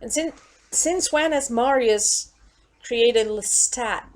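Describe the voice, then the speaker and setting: Exasperated, swearing woman vlogger, unhurried. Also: on the high side. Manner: profane, exasperated, emphatic. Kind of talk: ranting home vlog. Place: at home.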